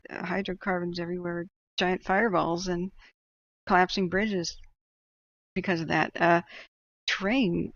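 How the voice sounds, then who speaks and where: A woman's voice: on the low side, vocal fry, fairly bright tone, dull audio. A woman hosting a livestream and reading out chat, talking in a casual, opinionated way and laughing often.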